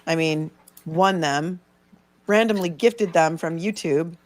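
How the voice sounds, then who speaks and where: A woman's voice: fairly low pitch, slow. A woman hosting a live stream about a trial, chatting casually and thanking her viewers by name. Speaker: live-stream legal commentator.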